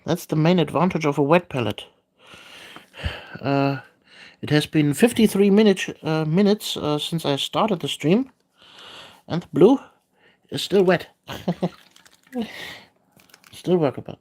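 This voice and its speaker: A woman chatting casually on a livestream while painting miniatures, hesitant and full of filler pauses. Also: deep voice, darkish tone.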